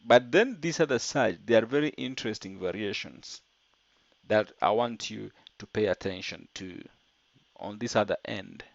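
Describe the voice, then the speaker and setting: A man's voice: lowish voice, moderate pace, gravelly, no echo, muffled recording. A man teaching an online French lesson, explaining step by step and translating French phrases into English.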